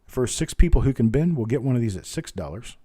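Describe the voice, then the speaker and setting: Very dark-voiced man calling a live auction. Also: medium pitch, animated. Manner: rattles off bid calls fast, chats with viewers by name. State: voice strained from talking.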